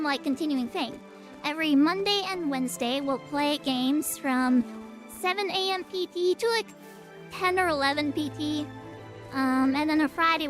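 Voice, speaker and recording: A woman streaming a game and chatting playfully, tired but upbeat, through a voice changer. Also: high voice. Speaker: VTuber streamer. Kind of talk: casual gaming livestream chat.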